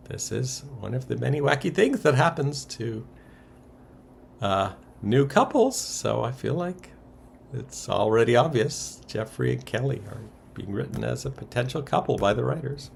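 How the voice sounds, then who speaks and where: A man's voice: mid-range voice, sing-song, unhurried, vocal fry, a little hiss or hum. A man co-hosting a podcast, casually recapping soap opera episodes with wry asides and chuckles. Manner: wry, chuckles through summaries, many ums and uhs.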